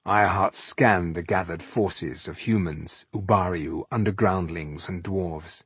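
A man reads an audiobook in a low, husky voice at a steady, measured pace. The recording is close and dry, with no room sound at all.

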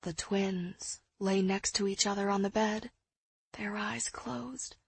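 A woman narrating an audiobook in the first person, in a measured, hushed storytelling manner. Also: mid-range voice, fairly even intonation, creaky, breathy edge, no echo.

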